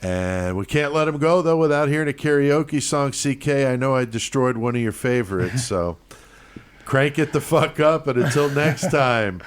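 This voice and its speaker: A man's voice: medium pitch, animated, normal speed. A man co-hosting a podcast in casual chat, laid-back and profane, running through the show plugs. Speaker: podcast co-host.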